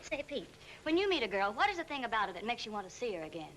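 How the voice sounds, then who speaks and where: An earnest, flustered young schemer. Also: female voice, fairly high pitch, sing-song, very fast, fairly bright tone. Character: eager young woman scheming to land a husband. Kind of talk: 1940s film acting. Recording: hissy old film soundtrack.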